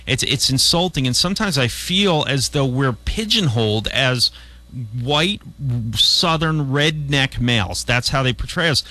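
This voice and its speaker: A man's voice: medium pitch, a little slow, pushed and bright, dry recording. A man hosting a talk radio show, chatting casually and rambling with frequent restarts. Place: radio studio.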